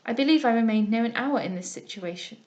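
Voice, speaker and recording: A woman's voice: fairly high pitch, animated, fast, a little mellow, highs cut off. Woman reading a classic novel aloud. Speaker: audiobook reader. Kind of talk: scripted narration of a classic novel.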